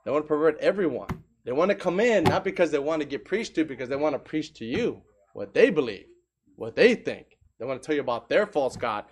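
High-voiced man preaching emphatically. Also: lively intonation, brisk, slightly rough. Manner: emphatic, throws rhetorical questions at the congregation. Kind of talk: sermon.

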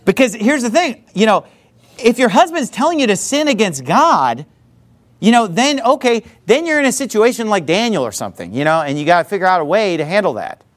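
Brief: male pastor, conversational sermon delivery, highly expressive pitch. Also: fairly quick. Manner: conversational, animated storytelling with frequent asides.

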